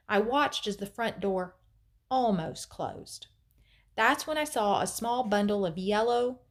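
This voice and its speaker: A woman teacher reading a novel aloud in an expressive storytelling way, with dramatic pauses. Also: mid-range voice.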